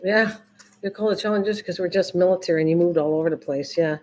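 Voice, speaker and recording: A woman's voice: fairly low pitch, quick pace, a little mellow. An older woman hosting a crafting live stream, chatting casually with viewers in a rambling, repetitive way. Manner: rambling, repeats herself, restarts often. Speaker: livestream crafting host.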